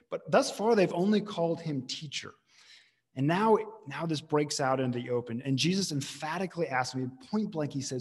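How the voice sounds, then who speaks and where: A man preaching a sermon with a slightly raised, husky voice. He teaches in a conversational, emphatic way, often restarting his phrases. His voice rings with the long reverb of a large hall. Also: a little high, expressive, a little fast. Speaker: pastor.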